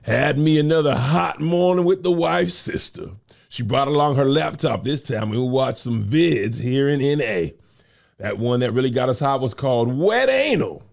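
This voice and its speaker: A man voicing a crude older country man who boasts, in a slow, exaggerated country drawl. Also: medium pitch, lively intonation, creaky, a little mellow, pitched below the performer's own voice. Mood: lewd bragging.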